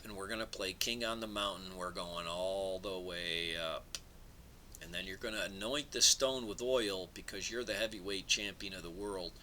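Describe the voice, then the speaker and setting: Very bright-voiced man rambling through a lecture. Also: on the low side, slight background noise, poor audio. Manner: digressive, animated, drops into asides under his breath. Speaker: astrology presenter.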